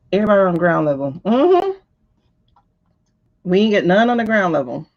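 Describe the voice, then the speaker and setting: A woman's voice: medium pitch, unhurried, lo-fi sound. A woman hosting a livestream who comments on a news clip in casual, exasperated talk. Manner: animated, exasperated, laughing, talks back to the screen. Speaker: livestream host reacting to a video.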